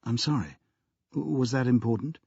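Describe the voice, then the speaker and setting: A man's voice: mid-range voice, normal speed, gravelly, a little mellow, husky, dry recording, lo-fi sound. A man voicing a nervous, evasive young male tycoon who answers hesitantly and stumbles over his words.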